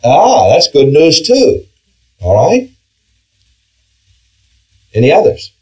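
Animated man leading a Bible class. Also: a little high, slow, rough recording. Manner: questioning, emphatic, with frequent restarts and "all right". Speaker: Bible study teacher. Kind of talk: interactive Bible class teaching.

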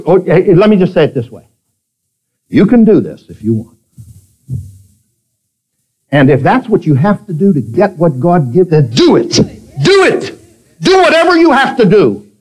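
A man preaching a sermon to a congregation, moving between quiet asides and emphatic exclamations. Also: husky, rough recording. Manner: preaching, swings between soft asides and loud high exclamations. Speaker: pastor. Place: church with a congregation.

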